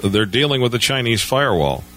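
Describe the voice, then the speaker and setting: A man's voice: mid-range voice, very animated, a little fast, fairly bright tone, a little hiss or hum. A man speaking as a guest on a radio talk show, telling stories conversationally with stammered starts and frequent "you know".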